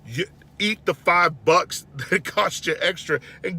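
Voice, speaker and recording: A bright-voiced man tells a story to his viewers. His delivery is animated and exasperated, and his voice climbs high when he gets worked up. The tone is fairly high and forceful for a man. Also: slow, breathy edge. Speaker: host. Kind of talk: storytelling monologue.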